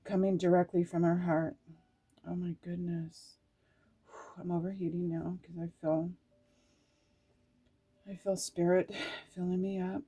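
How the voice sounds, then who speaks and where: A woman's voice: fairly low pitch, dark tone. A middle-aged woman giving an emotional tarot card reading, reading card meanings aloud and breaking into laughs and tearful asides. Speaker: tarot reader.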